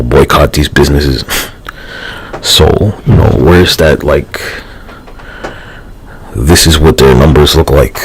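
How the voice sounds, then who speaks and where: A man's voice: rumbling low, slight background noise, rough recording. A man live streaming, rambling loosely in a casual, profane, slangy way. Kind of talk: rambling casual livestream talk.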